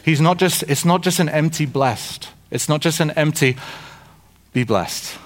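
Male pastor, slightly higher voice, informal conversational preaching with asides and humor. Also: normal speed. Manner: jokes with the congregation. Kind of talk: sermon.

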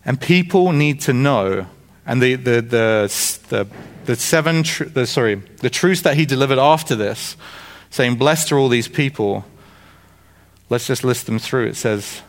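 A man's voice: mid-range voice, lively intonation, a little slow. A man preaching a sermon in a conversational, informal way, with frequent restarts and asides and jokes with the congregation. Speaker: pastor.

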